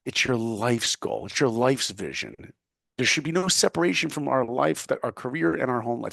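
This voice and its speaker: A middle-aged man telling his story as an interview guest, emphatic and animated, acting out what others said. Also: medium pitch, normal speed, creaky, no echo, studio quality. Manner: animated, emphatic, acts out quotes. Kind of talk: motivational storytelling.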